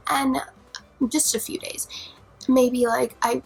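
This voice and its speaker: A young woman vlogger telling a scary personal story in a dramatic, profane way, dropping to whispers and rising to near-shouts. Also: high-pitched, flat delivery, slow pace, gravelly, pauses often, breathy edge, low-quality recording. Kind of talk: storytime vlog.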